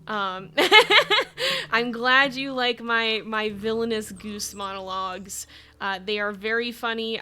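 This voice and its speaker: Woman, gaming streamer, mid-pitched, giggly and chatty, with clear game music behind. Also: pushed and bright. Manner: chatty, giggly, talking to her animals on screen. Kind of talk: live game commentary. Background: background game music.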